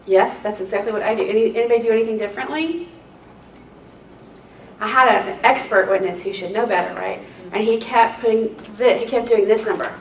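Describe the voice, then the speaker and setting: A woman, a court reporter, tells lively stories to a seminar group and acts out the people she quotes. Her voice sits fairly high. The room is echoey, the mic is some way off, and a faint hiss sits underneath. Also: brisk, far from the mic. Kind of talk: anecdotal seminar talk to a group.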